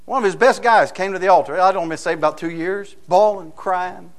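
Male pastor, sermon delivery, folksy storyteller with a slightly high voice and lots of rhetorical questions. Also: fast talker. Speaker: preacher.

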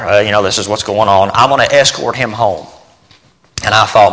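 A middle-aged man preaching a sermon, telling a personal story earnestly, dropping to hushed tones and then building to emphatic points. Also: lowish voice, normal speed. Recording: long hall reverb.

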